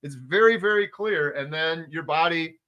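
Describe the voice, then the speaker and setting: A man's voice: a little high, normal speed, pushed and bright, highs cut off. A man hosting a casual interview, talking with enthusiastic emphasis, piling up repeated words and fillers. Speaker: podcast host.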